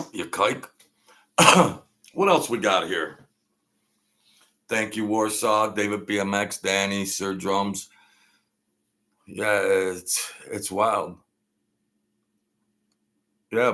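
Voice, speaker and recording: A man's voice: on the low side, slow, pauses often, sharp tone, a little hiss or hum. A man in his sixties from Brooklyn, hosting a casual late-night livestream chat and rambling through his opinions. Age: 60s. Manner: rambling, opinionated, reads out viewer names. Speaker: livestream host.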